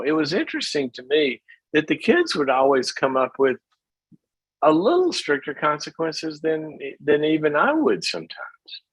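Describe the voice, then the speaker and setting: Animated husky middle-aged man giving advice. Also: on the high side, moderate pace, no echo, dull audio. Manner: animated, folksy, acts out little scenes. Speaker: host of a call-in advice show. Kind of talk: casual advice talk.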